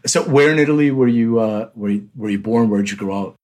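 A man's voice: medium pitch, quick pace, a little mellow. A man with a Philadelphia accent hosting a podcast interview, chatty and friendly, often restarting his questions. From Lithuania. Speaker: podcast host. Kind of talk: casual interview chat.

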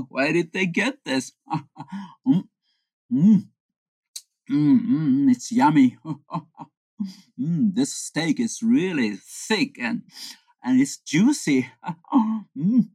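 A man's voice: mid-range voice, no echo. A woman voicing a young man who fakes terror of hamburgers while secretly munching them. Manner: shrieks in panic, then munches and chuckles. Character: young man Henry, sly glutton faking terror. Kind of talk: comic storytelling.

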